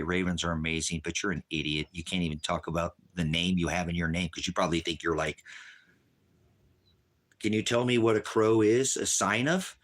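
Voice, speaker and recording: With a deep, slightly bright voice, this homesteading livestream host lashes out at someone in his chat, insulting them over and over and tripping on his words when angry.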